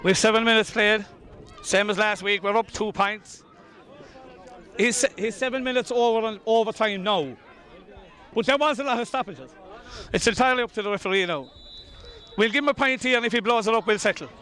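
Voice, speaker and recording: An Irish man giving live, openly partisan commentary on a hurling match outdoors, excitable and often shouting. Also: high voice, a little fast. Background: crowd and outdoor ambience.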